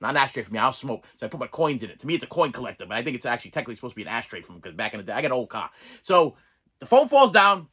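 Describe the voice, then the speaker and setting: A man hosting a review channel in a casual, chatty vlog, talking in animated, rambling asides with frequent restarts. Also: mid-range voice, racing, husky.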